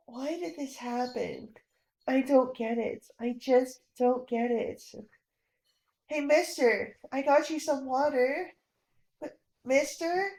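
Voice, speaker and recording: A woman's voice: high-pitched, a little mellow, roomy sound, low-quality recording. A woman voicing a brave, stubborn young boy who talks in a blunt, urgent way.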